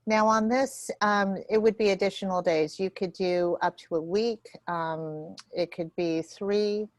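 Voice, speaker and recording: A woman running a real estate training session, walking through contract forms in a quick, nervous way with many fillers and restarts. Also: medium pitch, steady tone, no echo.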